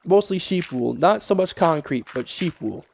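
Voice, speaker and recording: In this rambling Minecraft tutorial voice-over, a young creator speaks at a moderate pace with a slightly high, creaky voice and lively intonation. He curses freely and is quick to irritation, and a little hiss or hum can be heard.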